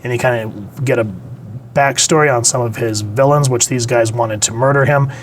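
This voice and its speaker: A man's voice: medium pitch, fairly even intonation, normal speed, slight background noise. A man reviewing comic books in a casual, rambling, conversational way. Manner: rambling, conversational, with many fillers.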